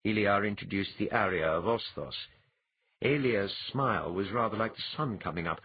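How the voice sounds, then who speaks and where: A man narrating an audiobook in a measured storytelling manner. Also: fairly low pitch, husky, dry recording, highs cut off. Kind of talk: scripted narration.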